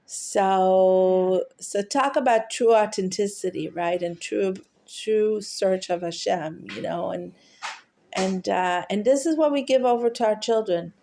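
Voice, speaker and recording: A woman telling a heartfelt teaching story, halting often with fillers and restarts. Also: mid-range voice, gravelly, warm tone, slight background noise. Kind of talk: storytelling talk.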